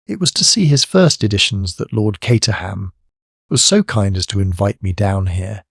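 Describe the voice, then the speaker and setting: A man voicing a placid American gentleman collector who speaks in a slow, polite drawl with an American accent. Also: lowish voice, lively intonation, creaky, no echo, clean studio sound, exaggerated voice.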